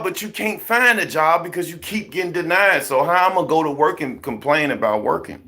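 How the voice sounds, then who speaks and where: Brisk and with few pauses, a fairly high-pitched man delivers casual commentary as a vlogger. He's animated and preachy, repeating himself while firing off rhetorical questions.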